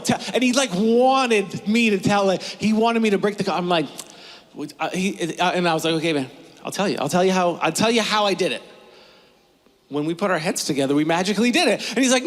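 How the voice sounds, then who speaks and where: Chatty high-voiced pastor. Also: male voice, expressive, brisk. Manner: chatty, storytelling with playful voices. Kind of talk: casual sermon. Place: church. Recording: long reverb of a church hall.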